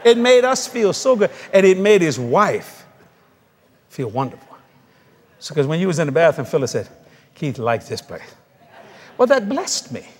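Lively high-voiced New preacher. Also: male voice, moderate pace, in a large hall. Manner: animated, laughing storyteller who mimics voices. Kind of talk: storytelling sermon.

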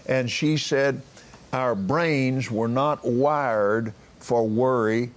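A man's voice: mid-range voice, drawn-out words. A man preaching casually on a broadcast from his backyard, rambling with restarts and chuckling as he talks. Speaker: minister. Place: backyard, outdoors.

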